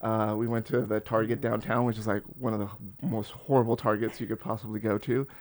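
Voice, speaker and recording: A man's voice: on the low side, fast. A man in his forties, a podcast guest, telling stories casually, swearing often and acting out the voices of people in them. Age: 40s. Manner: animated, profane, acts out voices in his stories. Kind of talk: casual storytelling.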